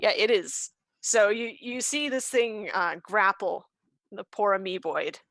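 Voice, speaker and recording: A woman running a tabletop game, narrating combat in an easygoing, loose way. Her voice sits at a middle pitch and is recorded close and dry. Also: a little slow, fairly bright tone, dry recording. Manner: easygoing, describes action loosely with fillers. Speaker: game master.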